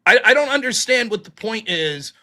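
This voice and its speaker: A man's voice: sits high, sing-song, normal speed, sharp tone. A man hosting a live call-in stream, arguing with a caller in a sarcastic, mocking way. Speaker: host of a live call-in show.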